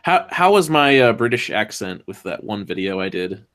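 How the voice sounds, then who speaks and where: A man's voice: fairly low pitch, sing-song, moderate pace, fairly bright tone. Hesitant man in casual chat. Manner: hesitant, many ums and restarts.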